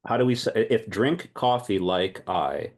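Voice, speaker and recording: A man leading an online language class, lively and thinking aloud, often repeating himself. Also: lowish voice, a little slow. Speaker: language teacher.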